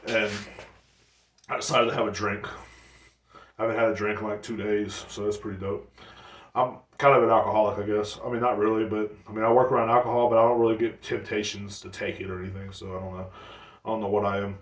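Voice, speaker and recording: A man's voice: fairly low pitch, flat delivery, fast, reverberant, distant mic. A man in his thirties hosting a casual solo podcast, rambling and blunt, with lots of swearing. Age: 30s. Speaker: podcast host.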